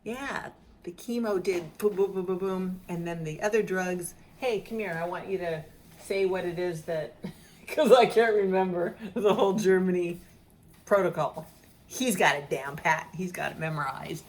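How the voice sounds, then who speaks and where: A woman's voice: fairly low pitch, moderate pace, darkish tone, slight background noise. A middle-aged woman giving a casual, upbeat vlog update from home. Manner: chatty, upbeat, cooing baby talk to a cat. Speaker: vlogger sharing her health journey. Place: home, indoors.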